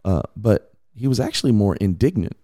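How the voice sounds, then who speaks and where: A man hosting a podcast, casually teaching from the Bible in an animated way, laughing and mimicking voices. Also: on the low side, fairly quick.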